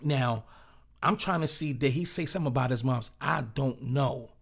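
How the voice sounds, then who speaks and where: A man's voice: mid-range voice, normal speed, gravelly, a bit bright, slightly rough. A man giving casual commentary on celebrity gossip, reacting loosely in slang and often repeating and restarting words.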